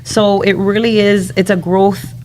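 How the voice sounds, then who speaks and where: A woman's voice: medium pitch, flat delivery, measured pace, noisy background. A woman who is a guest in a casual chat and agrees often with short replies. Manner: agreeable, many short affirmations.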